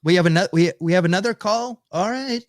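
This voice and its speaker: A man's voice: sits high, a little fast, no room sound, clean studio sound. A man co-hosting a podcast in an easygoing casual chat. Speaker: podcast co-host.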